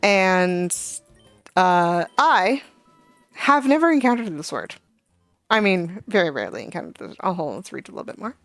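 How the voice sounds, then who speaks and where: A woman's voice: on the low side, big pitch swings, normal speed, fairly bright tone, dry recording. A young adult woman streaming a game, chatting casually and telling a rambling story full of fillers and asides. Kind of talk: casual gaming chat. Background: faint game music.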